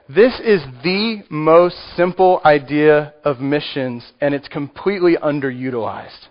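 A man's voice: on the high side, unhurried, hardly any pauses. A man with a Texan accent preaching a sermon, conversational and joking with the congregation. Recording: muffled lo-fi recording.

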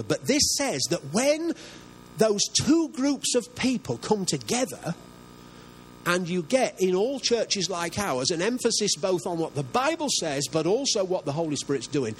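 Older male pastor, emphatic sermon delivery, animated pitch, slightly high voice. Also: measured pace, a little hiss or hum, rough recording. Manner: earnest, emphatic preaching with rhetorical questions.

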